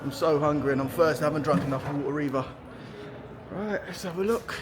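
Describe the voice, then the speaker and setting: A man from East London with an East London accent, vlogging in a chatty, animated, slangy way, talking outdoors by a stadium. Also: on the high side, brisk, background noise. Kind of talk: casual vlog talk to camera.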